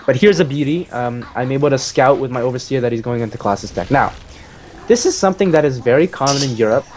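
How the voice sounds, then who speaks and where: A man casually explaining his own strategy game match as he plays it, relaxed, with many fillers. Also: medium pitch, quick pace, a little hiss or hum.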